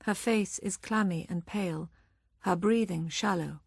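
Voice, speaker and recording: Low-voiced woman narrating a novel. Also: measured pace, creaky, husky, no echo, studio quality. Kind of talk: scripted audiobook narration.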